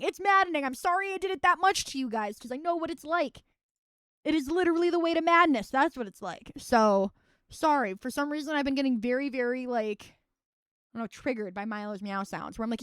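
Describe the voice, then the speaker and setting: A woman's voice: high-pitched, expressive, quick pace, fairly bright tone, no echo, studio quality. A young woman streaming live, chatting casually and wryly about films, rambling and swearing freely. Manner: rambling, profane and wry.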